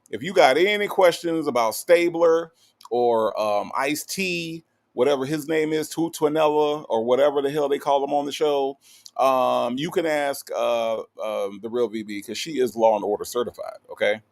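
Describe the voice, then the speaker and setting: A man runs a relaxed livestream, greeting viewers and reading their comments aloud. He talks in an animated, teasing way, full of fillers, and keeps checking in with a quick "okay?". His voice sits at an ordinary pitch for a man. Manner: animated, playful, with lots of "okay?" tags and fillers. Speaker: livestream host.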